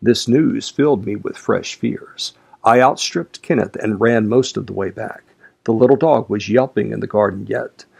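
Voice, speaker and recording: A man reading a classic novel aloud as audiobook narration, in a measured, slow, even delivery. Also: lowish voice, vocal fry, husky. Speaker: audiobook reader.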